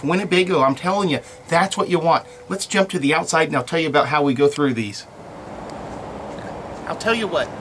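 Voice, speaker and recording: A man's voice: fairly high pitch, background noise. A man giving an upbeat, folksy sales walkaround of a motorhome on a sales lot.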